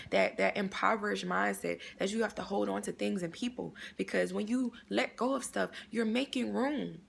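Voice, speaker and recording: Gravelly, earnest woman preaching. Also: mid-range voice. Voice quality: gravelly creaky voice. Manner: earnest, prayerful, repeats phrases for emphasis. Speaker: inspirational vlogger. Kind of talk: faith-based inspirational talk.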